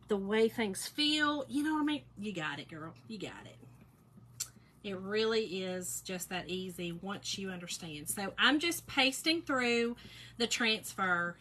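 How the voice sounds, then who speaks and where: A woman's voice: medium pitch, bright, forceful tone, slight background noise. A middle-aged woman, hosting a casual crafting livestream and chatting folksily to her viewers as she works.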